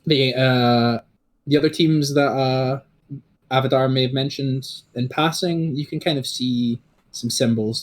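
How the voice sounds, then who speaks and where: Game master for a tabletop game, male, rambling, loose and chatty delivery. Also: medium pitch. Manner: rambling, full of fillers and restarts.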